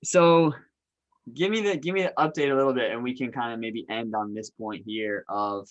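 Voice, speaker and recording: A male podcast host in relaxed conversation with his guest. He sounds easygoing and agreeable, with plenty of casual filler words. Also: mid-range voice, moderate pace, dull audio. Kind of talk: casual interview chat.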